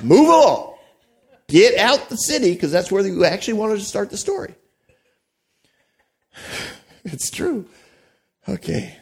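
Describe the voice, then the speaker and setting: A pastor delivering a sermon, telling a story with animated asides to the congregation and frequent restarts. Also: male voice, sits high, measured pace, vocal fry, pauses often.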